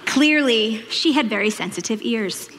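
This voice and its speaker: Woman, 40s, faded Long Island accent, chatty and self-deprecating sermon, fairly high voice, long church-hall echo. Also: animated, normal speed, background noise. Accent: faded Long Island New York. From Long Island, New York. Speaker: church speaker. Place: church stage.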